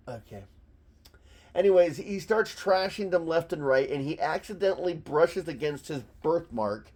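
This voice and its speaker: A man's voice: fairly high pitch, animated, unhurried, warm tone. A man reading an old comic aloud and breaking off into sarcastic, mock-exasperated commentary. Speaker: comic book reviewer.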